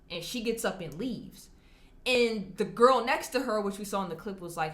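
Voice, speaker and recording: Bright, chatty woman vlogger. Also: medium pitch, unhurried. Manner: chatty and candid, often laughing mid-sentence; animated, acts out quoted people in shifting voices. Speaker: YouTube commentator answering viewer comments. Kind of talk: casual commentary to camera.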